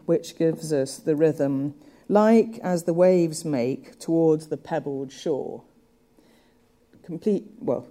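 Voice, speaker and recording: A woman giving a measured, thoughtful lecture on poetry, with occasional fillers. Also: deep voice, mellow. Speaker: literature lecturer.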